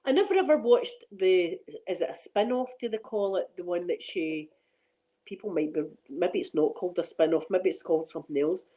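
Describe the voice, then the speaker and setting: A woman's voice: on the low side, fairly quick, warm tone, rough recording. A middle-aged Scottish woman hosting a casual chat on her ASMR channel, rambling and laughing often.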